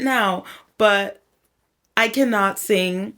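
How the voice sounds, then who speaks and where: A woman's voice: medium pitch, measured pace. A woman talking casually to her vlog audience from home while she records her own song. She rambles, says "y'all" and "like" a lot, and sounds slightly out of breath at times. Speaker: songwriter and home producer. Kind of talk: casual vlog talk to camera.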